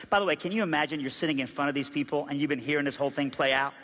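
A man preaching a sermon, telling a story with lively, animated delivery and acting out the voices of the people in it. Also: mid-range voice, very fast, few pauses. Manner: animated, acts out quoted voices, rises to loud excited peaks. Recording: long reverb of a large hall.

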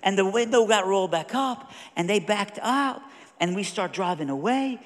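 A man with a high voice tells a story from the pulpit, acting out each character as he goes. He drops to a hush and then builds to loud bursts. His voice rings through a large hall with a long reverb. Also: normal speed. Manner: animated storyteller, acts out voices, swings from hushed to loud. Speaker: preacher. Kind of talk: storytelling sermon.

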